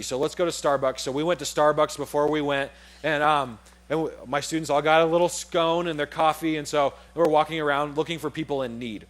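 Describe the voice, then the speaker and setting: A young adult man preaching a sermon in a casual, animated way, acting out the voices in his story. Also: on the high side.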